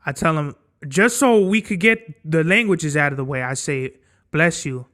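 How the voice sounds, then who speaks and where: A young man with a slightly high voice tells a travel story on his podcast in loose, casual speech. He talks bluntly, swears constantly and stays animated throughout. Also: moderate pace. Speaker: podcast host.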